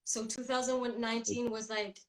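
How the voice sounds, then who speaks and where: A woman rapper being interviewed over a video call, upbeat and chatty, quick to laugh, in her groggy morning voice. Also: a little high, little pitch movement, low-quality recording. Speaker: rapper guest.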